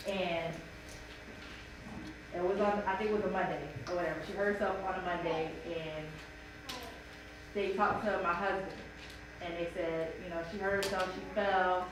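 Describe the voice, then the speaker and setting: A mother sharing a personal story at a church bible study, animated and emotional, acting out what people said. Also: lowish voice. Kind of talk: personal testimony in a group discussion. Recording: echoey room from far off, noisy.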